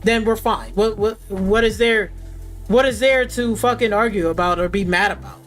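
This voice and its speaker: A woman's voice: mid-range voice, normal speed, faint music behind. Woman ranting angrily on stream. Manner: angry, sarcastic, profane ranting. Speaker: gaming streamer. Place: at a desktop gaming PC.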